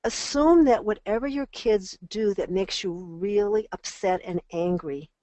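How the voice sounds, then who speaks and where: An older woman leads an online parenting class in a lively, animated way, slipping into little acted-out voices as she talks. Her voice sits at a middle pitch. The recording is close and dry, with no room sound. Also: measured pace, dry recording. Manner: animated, acts out quoted voices. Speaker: parenting teacher.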